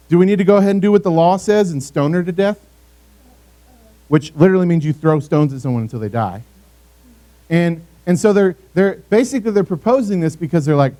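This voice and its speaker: A man's voice: a little high, mellow. A young man giving a youth ministry talk as pastor, conversational and often asking the room for responses. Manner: conversational, asks the audience for responses.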